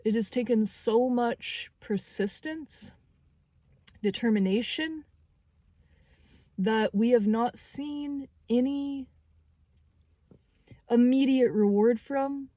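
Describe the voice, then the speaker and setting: Young woman, tarot reading, mellow voice, halting and earnest, dry close sound. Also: fairly high pitch, no echo. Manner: halting, searching for words. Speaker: tarot reader.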